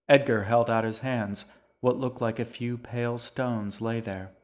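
A man reading his own novel aloud as the narrator, in slow, measured scripted narration. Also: medium pitch, fairly even intonation. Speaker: author and narrator.

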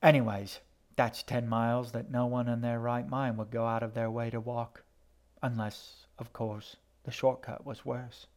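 A man's voice: medium pitch, little pitch movement, a little slow, a little mellow, lightly acted. A man voicing a sardonic, shifty young guide with a dry, sarcastic delivery.

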